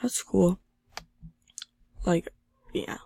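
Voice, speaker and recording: Over casual gameplay, a teenage girl who runs a gaming channel reads chat messages aloud, sounding subdued because of a sore throat. She draws out her words in a mellow voice, and the recording is dry.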